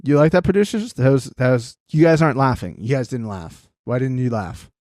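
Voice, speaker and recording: Male comedian co-host, mid-pitched, mock-outraged banter, dry studio mic. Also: animated, fairly quick, darkish tone, no echo. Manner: sarcastic, jokey, mock-outraged. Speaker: podcast co-host. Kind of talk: casual comedic chat.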